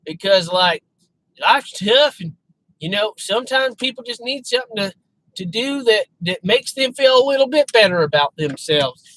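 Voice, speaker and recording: A man putting on the voice of a whiny young man who pleads in a rushed way in defense of self-care. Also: sits high, animated, a bit bright, pitched above the performer's own voice, low-quality recording. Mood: pleading.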